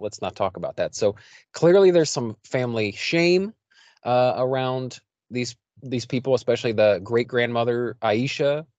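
An American man hosts a podcast with a loose, rambling delivery full of fillers. His voice is at a middle pitch and comes through a dull, dry, lo-fi recording. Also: darkish tone, no echo. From United States. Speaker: podcast host. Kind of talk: casual chat.

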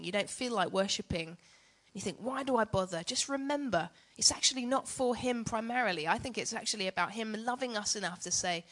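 A woman's voice: medium pitch, fairly bright tone. A woman giving a chatty, self-mocking teaching talk on worship to church leaders.

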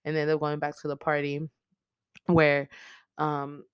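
A host recaps a horror film in loose, profane slang, leaning on filler words and dropping into quick voices for the characters. The voice is smooth and clear. The recording is close and dry, with no room sound. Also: mid-range voice, monotone, no echo. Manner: profane, chatty, slangy storytelling. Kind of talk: casual movie recap.

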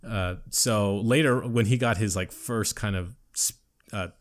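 A man's voice: on the low side, unhurried. A man chatting casually, explaining technology in a rambling way full of fillers and restarts.

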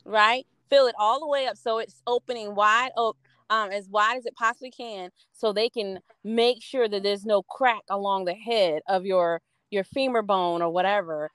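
A woman, chatting casually and telling stories with lively acted-out quotes. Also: mid-range voice, normal speed, clear, resonant tone, no room sound, studio quality. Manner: animated storyteller, acts out quotes. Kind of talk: casual chat.

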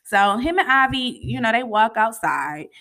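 A woman giving a casual, chatty recap of a TV episode, talking to her viewers in an animated way and often tossing in "you know" and "honey". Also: fairly high pitch, moderate pace. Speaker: TV show recap host.

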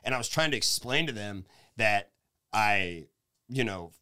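A man's voice: on the low side, a little slow, smooth. A man telling rowdy road stories in casual podcast chat, laughing often and swearing freely. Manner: animated, laughing, profane storyteller.

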